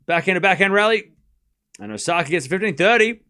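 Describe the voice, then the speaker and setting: A man hosting a live tennis watchalong stream, calling points in quick bursts and chatting with viewers, often stumbling over player names. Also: sits high, lively intonation, bright, forceful tone, smooth. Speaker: livestream tennis watchalong host. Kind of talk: live play-by-play commentary mixed with casual chat.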